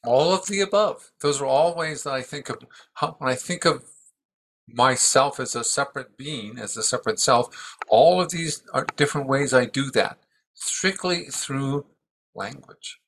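A man in his seventies giving a reflective talk on the self, thoughtful and halting, often restarting his sentences. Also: mid-range voice, fairly bright tone, slight background noise. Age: 70s.

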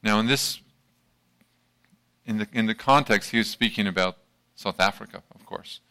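A man with a low, brightly ringing voice gives an informal talk to a live audience. He halts often, with fillers and restarts. His mouth is still slightly numb after dental work. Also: gravelly. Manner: halting, many fillers and restarts. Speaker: speaker giving an evening talk.

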